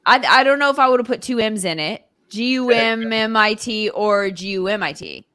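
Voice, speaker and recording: A woman's voice: fairly high pitch, normal speed, sharp tone. A woman guest on a casual podcast, chatty and precise, keen to set the record straight.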